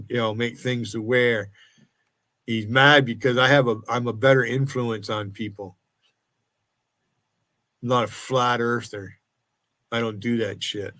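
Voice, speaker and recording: A man's voice: mid-range voice, fairly even intonation, measured pace, fairly bright tone, no room sound. A man in his sixties with an American accent, ranting angrily and profanely on his livestream. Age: 60s. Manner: profane and confrontational. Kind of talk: angry livestream rant.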